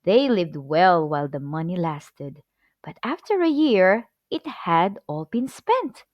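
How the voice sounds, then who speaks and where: A woman reading a children's story aloud, with an expressive, clear storybook delivery. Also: fairly low pitch, slow, no echo, highs cut off.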